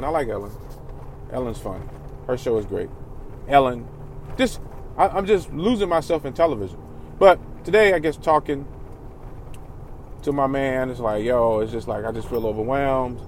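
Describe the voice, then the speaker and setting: A man's voice: mid-range voice, lively intonation, moderate pace, long pauses, slight background noise. A man vlogging candidly about his feelings, rambling, swearing, and often restarting his sentences. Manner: rambling, profane, restarts a lot. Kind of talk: candid personal vlog.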